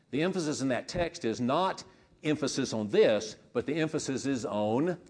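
A man preaching a sermon, emphatic and full of rhetorical questions, swinging between loud and quiet. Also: medium pitch. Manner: emphatic, rising and falling in loudness, rhetorical questions.

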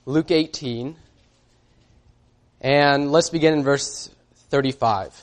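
A man preaching a sermon in a casual, conversational way, reading scripture aloud and often pausing on fillers. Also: mid-range voice.

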